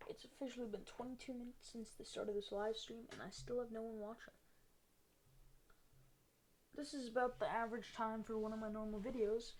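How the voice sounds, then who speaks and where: A woman's voice: a little high, dark tone, slight background noise. Rambling woman streamer talking to herself. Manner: rambling, chatty and self-mocking. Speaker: live streamer. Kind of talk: casual live-stream chatter while working on maps.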